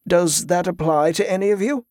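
A stately monk gatekeeper, as a male reader puts him on, reciting rules in a measured, ceremonious manner. The voice sits a little high and sounds close and dry, with no room around it. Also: a little mellow, no echo, natural voice. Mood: formal.

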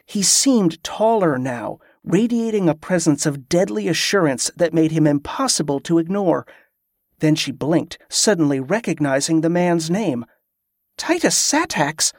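A man narrating a fantasy audiobook in a steady, even reading. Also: on the high side, normal speed, no echo, clean studio sound.

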